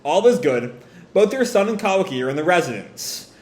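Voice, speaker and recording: A man's voice: high voice, very animated, fairly quick, a little mellow, pitched above the performer's own voice. A man voicing a dutiful male ninja lookout who speaks formally and respectfully. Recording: roomy echo.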